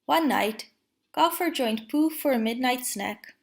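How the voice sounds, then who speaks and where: Slow, gravelly woman reading aloud. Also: high-pitched, expressive. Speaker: storybook reader. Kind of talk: storybook read-aloud.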